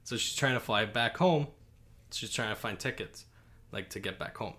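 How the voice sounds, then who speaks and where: A man's voice: on the low side, normal speed, fairly bright tone. A man co-hosting a podcast, telling a long shaggy-dog joke in a rambling way, full of likes and rights. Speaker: podcast co-host. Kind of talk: casual joke-telling chat.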